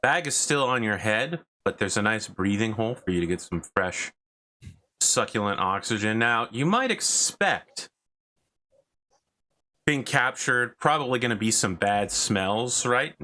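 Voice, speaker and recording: A man with a fairly low voice runs a tabletop role-playing session as game master. He narrates in a relaxed, chatty manner and often stops to explain things with asides. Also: unhurried.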